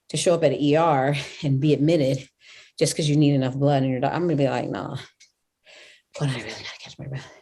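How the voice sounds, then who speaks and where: A woman with a notably low voice talks in a measured, matter-of-fact way. She narrates her own story and chats candidly, with the odd throat-clear. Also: dark tone. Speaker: vlogger sharing her illness journey. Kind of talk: personal narration and candid conversation.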